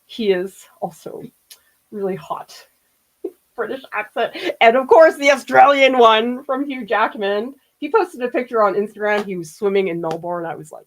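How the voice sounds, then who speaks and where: A woman's voice: a little high, animated, moderate pace, poor audio. Chatty woman teaching painting. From Boston area. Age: middle-aged. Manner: chatty, laughs often, muses aloud while painting. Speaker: art teacher. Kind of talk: live painting demo, casual chat.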